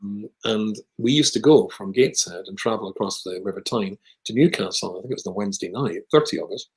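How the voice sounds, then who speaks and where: A man with a British accent, a rabbi telling a long personal story in conversation, with lively asides. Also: fairly low pitch, brisk, low-quality recording. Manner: animated anecdotal storyteller with asides.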